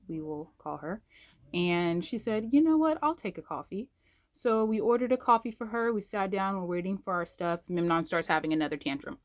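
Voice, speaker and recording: A woman with a fairly low voice tells a personal faith story straight to her viewers. She is chatty and casual, and her pitch leaps up sharply whenever she acts out what someone said. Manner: animated, acts out quoted voices with big pitch jumps; talks to viewers directly, uses "y'all". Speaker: vlogger sharing a faith story.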